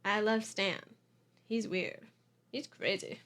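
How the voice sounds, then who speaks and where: A woman's voice: mid-range voice, fairly even intonation, takes it slowly, a bit bright. Young woman rambling on her podcast, laughs at herself a lot, keeps saying sorry, takes her time. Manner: giggly, self-deprecating, apologetic. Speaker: podcast host. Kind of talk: casual confessional monologue.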